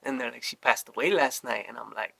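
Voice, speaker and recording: A young man casually telling a story, animated and swearing often as he acts out what people said. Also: mid-range voice, a little fast, gravelly, slightly rough. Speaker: storyteller guest.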